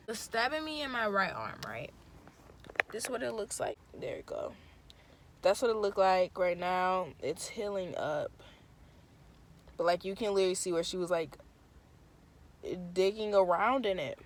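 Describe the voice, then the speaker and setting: A young woman vlogger tells a casual story, animated and indignant, full of "like". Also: medium pitch, moderate pace, long pauses, a little hiss or hum. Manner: animated, indignant retelling with lots of "like".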